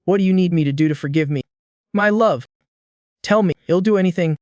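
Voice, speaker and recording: A man reading the lines of a composed young businesswoman with a gentle, placating manner, barely shifting from his own narrating voice. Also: fairly low pitch, brisk, no room sound, studio quality, natural voice.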